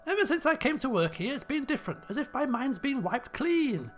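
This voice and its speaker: A fragile woman trembles on a phone line, close to tears, as a man puts her on. The voice rides high and swings widely in pitch. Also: sing-song, normal speed, sharp tone, faint music behind, heavily acted. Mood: tearful.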